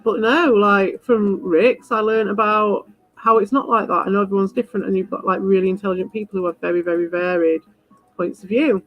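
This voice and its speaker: A woman's voice: medium pitch, fairly even intonation, fairly quick. A woman hosting a livestream, talking bluntly and rambling to her viewers with a lot of swearing and confrontation. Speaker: livestream host. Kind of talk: rambling live chat to viewers. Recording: dull lo-fi with faint music.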